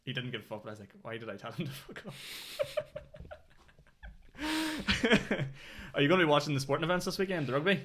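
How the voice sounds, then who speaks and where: Fast-talking, rambling podcast host. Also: male voice, on the high side, animated, fairly bright tone. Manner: rambling storyteller with lots of fillers and swearing. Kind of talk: casual podcast chat.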